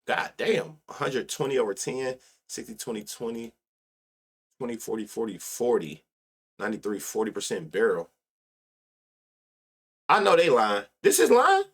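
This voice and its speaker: A man's voice: medium pitch, expressive, normal speed, pauses often, fairly bright tone, breathy edge. Profane, loose-talking male betting host. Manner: loose, profane, reading stats aloud and riffing on chat. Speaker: sports betting show host. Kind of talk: live-stream sports betting talk.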